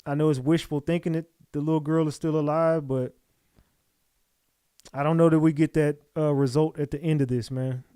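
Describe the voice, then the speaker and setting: A man's voice: a little high, steady tone, moderate pace, warm tone, clean tone, dry recording, studio quality. Blunt, mocking male livestream host. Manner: exasperated, mocking, talks straight to viewers. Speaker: livestream host reacting to a clip. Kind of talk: blunt profane livestream commentary.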